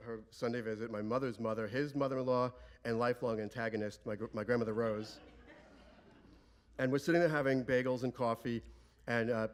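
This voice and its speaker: A man telling a comic family story live on stage before an audience, with lively delivery. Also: mid-range voice.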